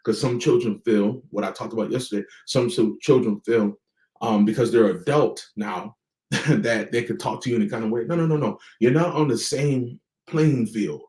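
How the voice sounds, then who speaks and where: A man hosting a motivational talk to parents, with a preacher-like delivery that repeats key words and slows down for emphasis. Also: mid-range voice, darkish tone, reverberant, rough recording. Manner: preacher-like, emphatic repetition and pauses. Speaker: host.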